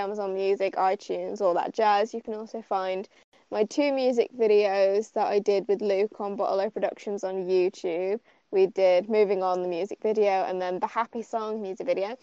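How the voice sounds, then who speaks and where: A woman's voice: medium pitch, fairly even intonation, moderate pace, warm tone, smooth, dry recording, highs cut off. A young woman singer, a podcast guest, chatting casually with giggles. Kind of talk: casual chat.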